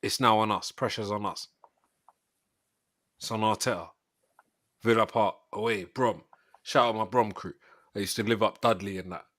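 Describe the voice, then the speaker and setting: A man's voice: fairly low pitch, steady tone, normal speed, long pauses, a bit bright, no room sound, studio quality. Slangy young man hosting a football stream. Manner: slangy, rambling banter. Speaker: live stream host. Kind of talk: casual football reaction chat.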